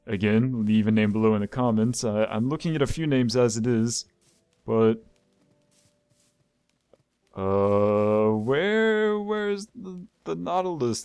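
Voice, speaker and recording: Male game-video host, mid-pitched, rambling play-by-play, dry close sound. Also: a little mellow, dry recording. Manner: rambling, repeats words while thinking aloud.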